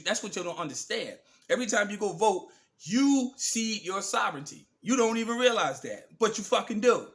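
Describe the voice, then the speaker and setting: A man hosting his own channel, delivering an emphatic, profane, preachy political monologue, slowing down hard to stress key words. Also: sits high, bright, forceful tone. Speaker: channel host. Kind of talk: ranting political commentary monologue.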